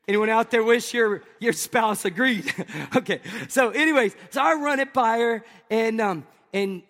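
A pastor from Tennessee, telling an animated, jokey story to his congregation in a sermon. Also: high voice, in a large hall. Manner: animated, jokey, talks to the crowd.

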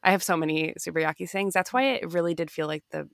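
A woman's voice: fairly low pitch, fairly even intonation, quick pace, gravelly, dry recording, clean studio sound. A woman co-hosting a podcast, speaking in an enthusiastic, grateful way and laughing often. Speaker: podcast co-host. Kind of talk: casual chat.

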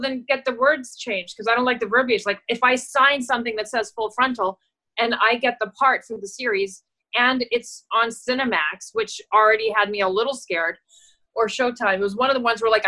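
Animated woman telling a story. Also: fairly high pitch, normal speed, low-quality recording. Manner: animated, laughing, acts out quoted voices. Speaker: actress and guest. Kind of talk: casual interview storytelling.

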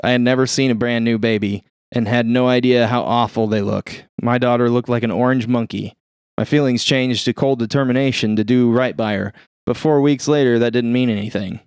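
A man reading a first-person story aloud in a steady, plain-spoken way. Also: medium pitch, fairly quick, clear, resonant tone, no echo, clean studio sound. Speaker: reader.

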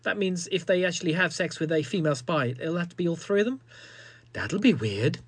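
Host: man, high and animated, sardonic and crude, husky tone, dry sound. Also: brisk, no echo. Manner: sarcastic, self-mocking, crude. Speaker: comedy podcast host. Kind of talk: sardonic comedy monologue.

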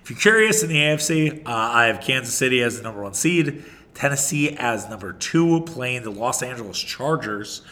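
A man's voice: mid-range voice, lively intonation, moderate pace, bright, forceful tone. A man hosting a casual solo sports podcast, rambling and opinionated, often restarting his sentences and swearing.

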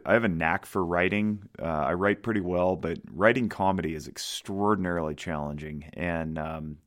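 Deep male podcast host and counselor, loose and self-mocking, many fillers. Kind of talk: casual monologue.

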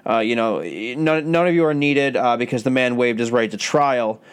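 A man's voice: mid-range voice, normal speed, smooth. A man with a mid-range voice co-hosts a casual podcast. He tells stories in a laid-back, jokey way and swears casually. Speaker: podcast co-host.

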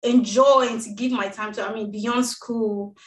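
A woman's voice: a little high, steady tone, moderate pace, echoey room. A woman co-hosting a casual podcast, crying and emotional, laughing through her tears. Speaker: podcast co-host.

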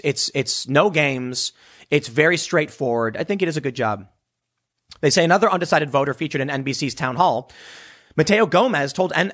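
Pitched on the high side, this man offers lively, informal political commentary and now and then ridicules people through exaggerated impressions.

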